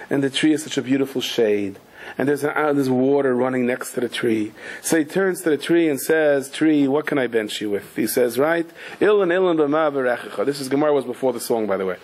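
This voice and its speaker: Brief: male rabbi, fairly high voice, animated storytelling sermon, acts out characters with sudden shouts. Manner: mixes Hebrew and Yiddish terms into English. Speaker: rabbi giving a Torah class.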